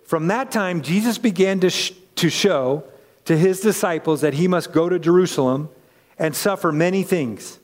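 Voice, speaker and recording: A man's voice: high-pitched, moderate pace, big-room sound. A man preaching a conversational sermon, acting out the people in the story as he goes. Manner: conversational, animated, acts out voices.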